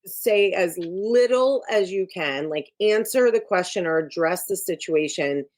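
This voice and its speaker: Low-voiced woman coach, frank and emphatic. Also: lively intonation, measured pace, a little mellow. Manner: frank and emphatic, giving advice. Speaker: executive coach, podcast guest. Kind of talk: casual interview talk.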